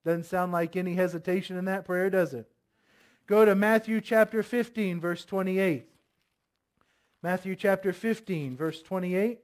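Man, high-pitched voice, pastor, sermon, asks congregation questions, forceful scripture reading. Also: a little slow. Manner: reads scripture aloud, voicing commands forcefully.

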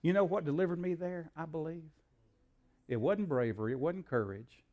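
A man's voice: fairly high pitch, normal speed, mellow. A man, a preacher telling a story in a sermon in a folksy way, acting out the dialogue, with frequent fillers.

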